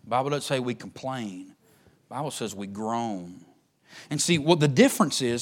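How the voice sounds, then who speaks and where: A man preaching a sermon as pastor, swinging between loud emphatic lines and hushed ones. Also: mid-range voice, animated, moderate pace.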